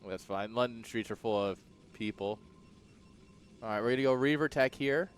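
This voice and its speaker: A man casting a strategy game match in a relaxed, jokey play-by-play style, chuckling often. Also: medium pitch, moderate pace, faint music behind. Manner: laid-back, chuckling, jokey. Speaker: esports caster. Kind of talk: casual play-by-play commentary.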